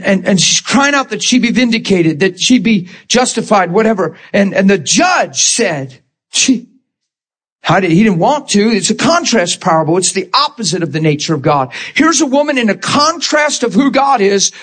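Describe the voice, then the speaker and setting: A man preaching a sermon to his congregation, impassioned and animated, rising to shouts and stumbling over repeated words. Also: moderate pace, slightly rough. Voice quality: high-pitched, animated, stammering repeats. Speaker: pastor.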